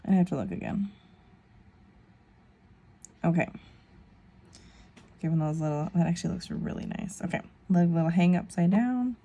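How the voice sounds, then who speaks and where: A woman's voice: on the low side, animated, normal speed, long pauses, mellow. A woman in her thirties chatting casually through a nail tutorial, rambling with self-deprecating asides. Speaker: nail vlogger.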